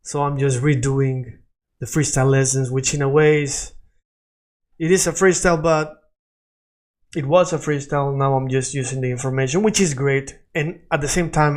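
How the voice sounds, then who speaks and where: A man's voice: medium pitch, normal speed. A man from Latin America teaching Spanish pronunciation in an improvised lesson, drawing out and repeating sounds so the learner can copy them.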